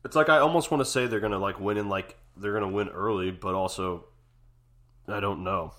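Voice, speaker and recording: A man's voice: fairly low pitch, a little fast, a bit bright. A man co-hosting a podcast in casual, profane chat, dropping "dude" and "like" throughout. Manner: laid-back, profane, lots of "dude" and "like". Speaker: podcast co-host.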